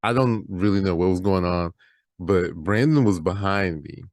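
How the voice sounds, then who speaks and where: A man co-hosts a casual podcast and tells a story at an easy pace. His voice is very low, and the recording is dry and close, with no room sound. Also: normal speed, a little mellow, no echo. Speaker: podcast co-host. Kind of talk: casual chat.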